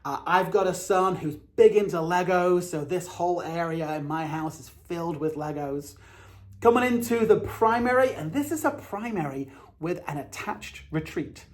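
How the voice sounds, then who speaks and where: A man's voice: sits high, lively intonation, moderate pace. A man from England, a realtor narrating a home tour in an upbeat, chatty way as he points out the features of each room.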